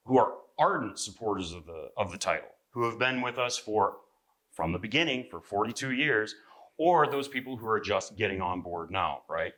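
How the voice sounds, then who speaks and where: Bright-voiced man presenting a seminar. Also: fairly low pitch. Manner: conversational, frequent "right?" to the audience, clears throat. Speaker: magazine editor presenting a seminar. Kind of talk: live seminar talk to an audience. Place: convention seminar room.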